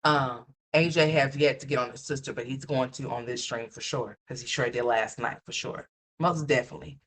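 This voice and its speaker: A woman's voice: extremely low pitch, brisk, a little hiss or hum. A woman doing casual live commentary as a streamer, blunt and profane, scolding the person she is reacting to. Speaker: livestream commentator. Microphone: streaming mic.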